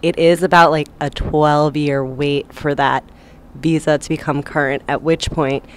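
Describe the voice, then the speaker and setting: A woman co-hosting a call-in radio show on immigration law. Her voice is smooth and clear, and she answers questions in a calm, measured way between easy laughs. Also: low voice. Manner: laughs often, measured when explaining. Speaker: co-host and immigration attorney. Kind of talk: casual radio chat and legal answers.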